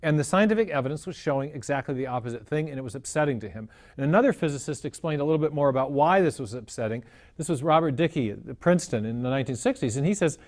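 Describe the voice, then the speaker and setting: A man explaining cosmology in a measured lecture style, often restarting his phrases as he works through an idea. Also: fairly high pitch, animated, darkish tone.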